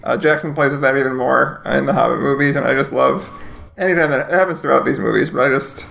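Gravelly man on a film podcast. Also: mid-range voice, fairly bright tone, faint music behind. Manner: halting, lots of fillers and swearing. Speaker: podcast co-host. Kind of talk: casual film discussion.

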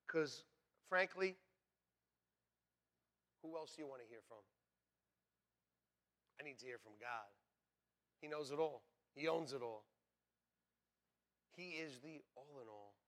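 A man preaching a sermon as pastor, swinging between hushed, quiet passages and loud, shouted exclamations. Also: on the high side, animated, takes it slowly, pauses often.

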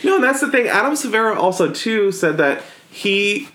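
A man co-hosting a podcast, chatting casually about books, rambling with lots of "like" and quick to laugh. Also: sits high, sing-song, a bit bright. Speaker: podcast co-host. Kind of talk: casual book-club chat.

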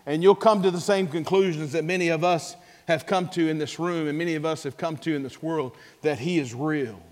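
High-voiced pastor preaching in a reverberant hall. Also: male voice, fairly quick. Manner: swings between soft low asides and shouted high exclamations; calls for audience response. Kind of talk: sermon.

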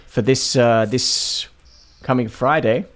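A man's voice: mid-range voice, slow pace, a bit bright. A man co-hosting a casual podcast, telling stories playfully and running through the week's film releases. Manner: playful, theatrical storytelling.

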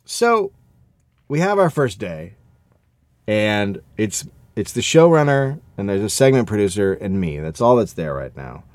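Man, casual podcast storyteller, lively pitch, cusses freely, dry sound. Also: measured pace, no room sound. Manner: profane, animated anecdote-telling.

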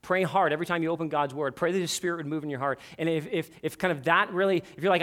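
A man in his thirties preaching a sermon to his church, earnest and lively, often repeating "listen" as he tells stories. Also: on the high side, quick pace, hardly any pauses. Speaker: pastor. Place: church sanctuary.

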